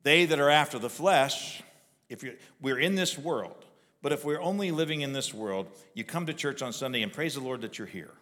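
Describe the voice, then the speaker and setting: A man's voice: mid-range voice, lively intonation, brisk, a bit bright, long reverb tail. A male pastor giving a sermon, talking in a conversational way with frequent restarts and repeated words. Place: church sanctuary.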